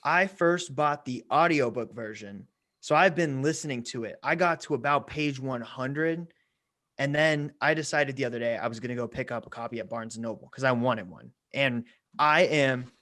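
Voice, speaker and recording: An excited male podcast co-host in loose, casual chat with friends. He talks in slang and keeps calling them "bro". His pitch sits in an ordinary middle range. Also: normal speed.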